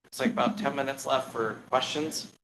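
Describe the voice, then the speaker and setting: A man giving a halting presentation to a public commission, with many fillers and restarts. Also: medium pitch, fairly even intonation, fairly bright tone, slight background noise, low-quality recording. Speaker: staff presenter. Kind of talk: meeting presentation. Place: public meeting room.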